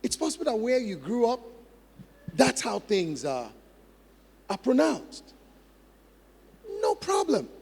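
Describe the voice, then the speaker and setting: A man's voice: extremely high pitch, huge pitch swings, slow, gravelly, pauses often, darkish tone, husky. A man preaching a sermon as pastor, emphatic, repeating key phrases and acting out practice drills. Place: large church hall. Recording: long hall reverb.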